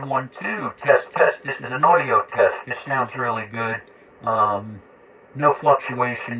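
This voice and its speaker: A man casually demonstrating a radio, talking through his settings and counting test words into the mic. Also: mid-range voice. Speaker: radio equipment reviewer. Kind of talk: casual demo talk.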